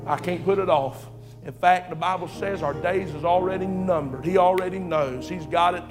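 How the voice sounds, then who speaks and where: Male preacher, high voice, impassioned sermon delivery, faint music under him. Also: normal speed. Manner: impassioned, repetitive, swings from shouting to hushed. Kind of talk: fiery sermon.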